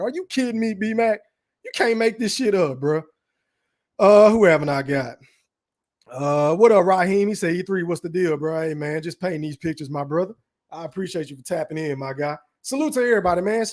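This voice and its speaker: A young man from Dallas, hosting a casual live stream, reading chat comments aloud and ranting in profane slang. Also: high-pitched. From Dallas, Texas.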